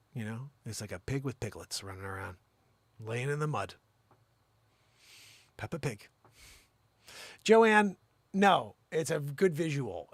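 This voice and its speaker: A man's voice: mid-range voice, a bit bright, slightly rough, dry recording. A man hosting a comedic monologue, rambling and teasing as he jokes. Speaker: host.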